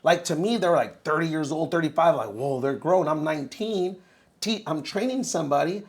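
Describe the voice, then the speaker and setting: A man in his thirties tells his own story on a podcast, with a voice a little higher than most men's. He talks casually and with energy, calling the host bro as he goes. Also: brisk. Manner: animated, says bro a lot. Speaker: podcast guest.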